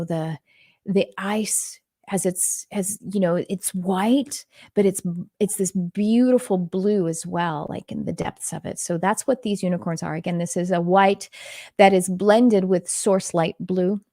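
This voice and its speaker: A woman's voice: on the low side, steady tone, a little slow, dark tone, no room sound, clean studio sound. A middle-aged woman from Texas, a spiritual teacher talking casually on a live stream, rambling and earnest with many fillers and restarts. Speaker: spiritual teacher giving intuitive readings.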